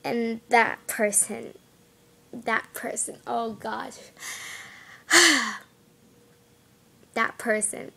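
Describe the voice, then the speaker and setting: A girl vlogging casually, rambling and giggling as she talks about her classmates. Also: a little high. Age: young girl. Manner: chatty, giggly, rambling with restarts. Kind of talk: casual chat to camera.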